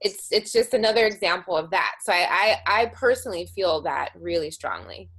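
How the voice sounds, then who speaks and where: A woman's voice: fairly low pitch, animated, a little fast, a bit bright, slightly rough. Reflective woman in casual chat. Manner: reflective, hesitant restarts. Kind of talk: casual conversation.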